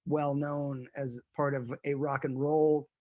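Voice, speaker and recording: A man tells a story as a guest in a relaxed interview. He rambles with an amused air and often restarts his sentences. His voice sits a little high for a man. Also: slow.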